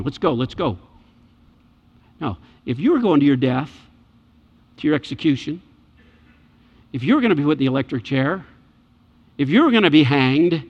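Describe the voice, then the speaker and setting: Animated preacher in a reverberant church. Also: male voice, on the high side. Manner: animated, acts out voices in scripture scenes. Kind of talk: sermon. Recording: muffled church hall reverb.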